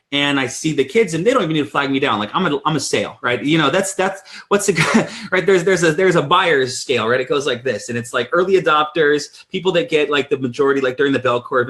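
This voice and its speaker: A man in his thirties hosting a weekly sales training call, telling a story in an energetic, animated way with many restarts. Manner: energetic storyteller, lively swings in pitch. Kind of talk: casual live-stream talk.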